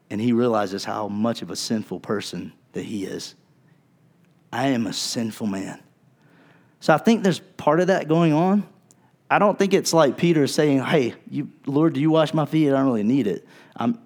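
A male pastor preaching a sermon in a conversational way, acting out the people he quotes and dropping to a low, soft voice for emphasis. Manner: wide swings in loudness, drops low and soft for emphasis.

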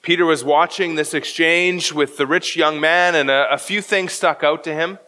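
A male pastor with a fairly high, bright voice delivers an expository sermon. He works through a text verse by verse and explains the Greek wording. His voice carries a long reverb, as in a large church hall. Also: steady tone, normal speed.

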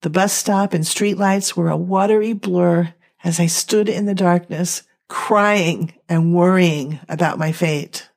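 A young woman telling a dramatic first-person story in a slow, emotional, halting reading. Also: fairly low pitch, steady tone, gravelly, a little mellow. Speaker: narrator.

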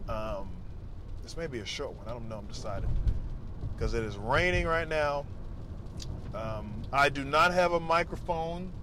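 A man's voice: mid-range voice, expressive, moderate pace, pauses often, background noise. A man, a stand-up comedian, rambling profanely on tangents in a casual vlog, recorded on a lavalier mic into a phone. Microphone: lavalier mic plugged into a phone.

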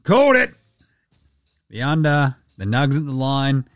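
A man's voice: mid-range voice, big pitch swings, a little slow, no echo, clean studio sound, soft background music. A man hosting a casual sports podcast, brash, profane and jokey. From Australia. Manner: brash, profane, jokey, puts on voices for quotes. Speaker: podcast host.

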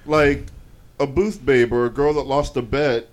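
A man's voice: mid-range voice, steady tone, measured pace, very noisy. A man in a casual group chat who talks animatedly, swears freely and fills his speech with fillers.

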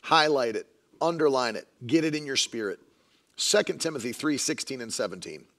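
A man's voice: mid-range voice, animated, a little fast, pushed and bright. A man preaching a sermon in an emphatic way, repeating lines for stress and mocking the views he argues against.

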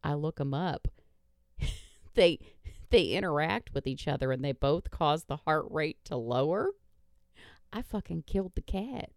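A woman's voice: low voice, measured pace, clean tone, no room sound, studio quality. A woman hosting a podcast, telling a story in a blunt casual chat, swearing freely and laughing along. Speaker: podcast host.

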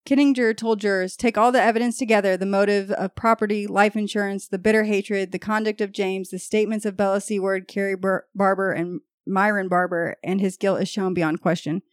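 Her voice is medium in pitch, captured in a dry, studio-quality recording. She's a podcast host casually recounting an old murder case, pausing every so often to laugh and trade jokes with her co-hosts.

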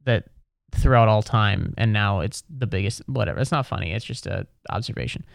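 A man's voice: fairly low pitch, fairly quick, gravelly, no echo, clean studio sound. Rambling exasperated male comedian. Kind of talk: stand-up comedy monologue.

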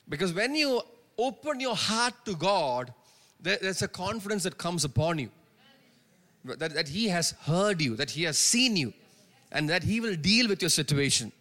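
A man's voice: sits high, sing-song, normal speed, sharp tone. Man preaching in a reverberant church. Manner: emphatic preaching with repeated phrases and call-and-response "Amen?". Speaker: pastor. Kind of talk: sermon. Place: church sanctuary. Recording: long reverb of a church hall.

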